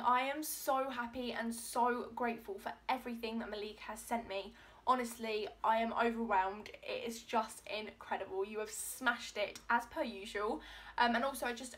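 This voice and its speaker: A young woman hosting an excited beauty unboxing vlog, gasping and gushing as she talks. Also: fairly high pitch. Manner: gushing, gasping, lots of "oh my god". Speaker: beauty vlogger.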